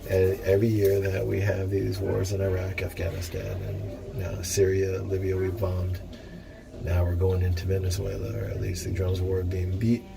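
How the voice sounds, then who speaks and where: Profane rambling man, low voice. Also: vocal fry. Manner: profane, digressive, jokey. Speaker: vlogger reading and commenting on a book. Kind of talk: rambling casual commentary. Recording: noisy background ambience.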